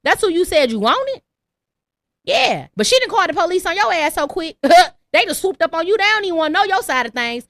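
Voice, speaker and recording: Woman podcast host ranting, aave, bright sharp voice, dry close mic. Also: very high voice, fairly quick, no echo. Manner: animated, emphatic, rhetorical questions. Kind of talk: heated call-in podcast commentary.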